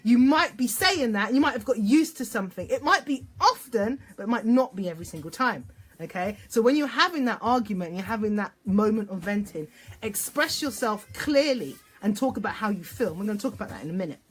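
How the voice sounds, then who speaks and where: A woman relationship therapist giving an instructional talk, animated, checking in often with "okay?" and acting out example phrases. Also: mid-range voice, fairly quick, slightly rough. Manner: acts out example phrases in voices.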